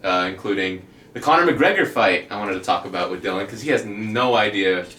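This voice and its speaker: A man's voice: lowish voice, lively intonation, fairly quick, sharp tone, roomy sound, distant mic. A man co-hosting a casual chat podcast, rambling with lots of fillers and laughing often. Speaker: podcast co-host.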